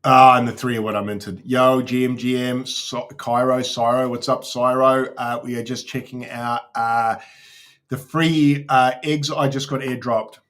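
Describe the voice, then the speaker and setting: A man's voice: mid-range voice, little pitch movement, measured pace, a bit bright. A man hosting a casual crypto livestream, swearing freely and talking to his chat as he browses.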